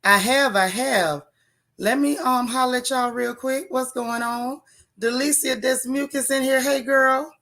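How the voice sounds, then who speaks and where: Hosting a casual gossip live stream, a woman speaks at a measured pace in a high-pitched, steady, fairly bright voice. She's out of breath, calls her viewers by name, and chats in a loose Southern-tinged African American vernacular full of "child" and "y'all."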